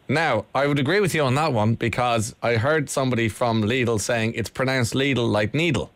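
A man's voice: mid-range voice, moderate pace, dry recording. An Irish man hosting a radio chat, teasing his caller with jokey questions. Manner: teasing, joking. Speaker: radio host. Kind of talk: casual chat.

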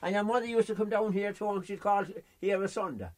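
A man's voice: high voice, fairly even intonation, fast talker, darkish tone, no echo. An older man with an Irish midlands accent, talking outdoors on a bog in a folksy, repetitive, welcoming way. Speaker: interviewee, bog resident.

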